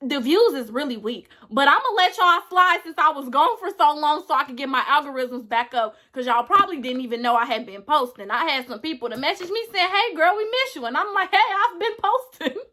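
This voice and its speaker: A woman's voice: high voice, expressive, brisk, few pauses, pushed and bright. A woman vlogging casually to her viewers, earnest and gushing as she talks straight to them. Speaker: beauty YouTuber. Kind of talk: casual vlog to camera.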